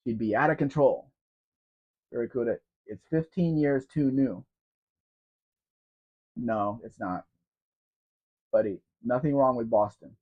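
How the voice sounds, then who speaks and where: A man's voice: mid-range voice, normal speed, long pauses. Male stream host with a sore throat, casual and rambling, reads out viewer comments, muffled lo-fi sound. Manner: chatty and rambling, addressing viewers by name. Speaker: live Q&A host. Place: at home in a room. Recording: dull lo-fi stream audio.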